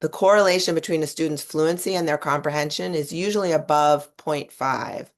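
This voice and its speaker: A woman's voice: low-pitched, brisk. Woman presenting an education webinar. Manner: explanatory, talks through slides; occasional restarts mid-word. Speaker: webinar presenter on reading instruction.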